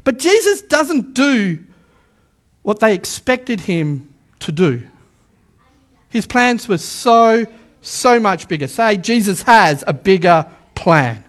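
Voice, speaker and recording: A man preaching a sermon to a live congregation, animated, repeating words for emphasis and calling on the listeners to say lines back. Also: sits high, takes it slowly. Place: church service with a live congregation.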